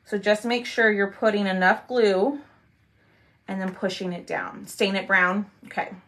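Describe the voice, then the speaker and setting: A woman's voice: medium pitch, fairly even intonation, normal speed. A woman hosting a casual crafting livestream, chatting and greeting viewers by name.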